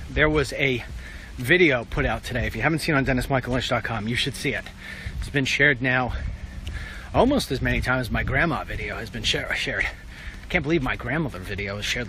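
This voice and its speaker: A man's voice: mid-range voice, pushed and bright, a little hiss or hum, poor audio. A middle-aged man giving a rambling, emphatic walk-and-talk monologue outdoors as an online commentator. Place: outdoors, walking.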